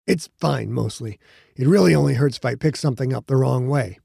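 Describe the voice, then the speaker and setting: A man voicing a guarded, grieving young football player in an audiobook, quiet and clipped. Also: mid-range voice, fairly quick, vocal fry, husky, no echo, clean studio sound. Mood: subdued. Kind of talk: audiobook narration.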